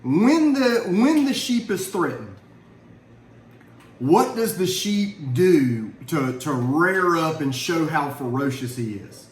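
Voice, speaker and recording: A man's voice: on the high side, very animated, slow. A middle-aged man leading a family Bible lesson, earnest and conversational, asking questions as he teaches. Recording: echoey room, faint ambience.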